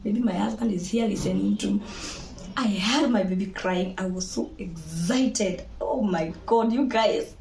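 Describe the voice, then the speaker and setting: A young Kenyan woman with a Kenyan accent, telling her own birth story to viewers in a lively, laughing way and slipping into Swahili. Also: mid-range voice, a little slow, vocal fry, a little hiss or hum. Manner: animated, laughing, mixes Swahili into English. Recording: echoey room.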